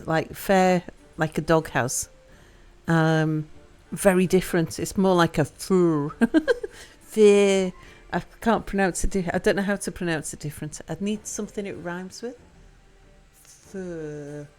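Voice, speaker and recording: Faint music sits behind a woman live-streaming a game, who chats casually in a fairly low, darkish voice at normal speed. She reads the chat out loud and has fun playing with how words sound.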